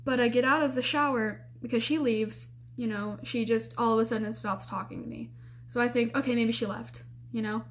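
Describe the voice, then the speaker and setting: A young woman tells a story straight to camera, chatty and animated. Her voice sits a little high, and she keeps restarting sentences and filling gaps with "like" and "um". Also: brisk, a little hiss or hum. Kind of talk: casual storytime vlog.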